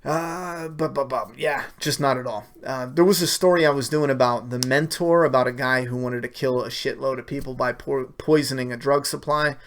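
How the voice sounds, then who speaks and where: A man's voice: mid-range voice, fairly even intonation, normal speed, few pauses, fairly bright tone. A man hosting a casual live stream, reading viewer questions and giving blunt, profane opinions with lots of fillers. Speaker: livestream host answering viewer questions.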